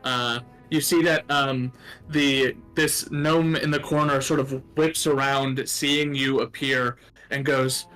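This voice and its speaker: A man running a tabletop game as game master. He describes the scene in a loose, rambling way and fills his pauses with many ums and uhs. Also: mid-range voice, little pitch movement, a bit bright, clear, resonant tone, faint music behind. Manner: rambling narration with many fillers.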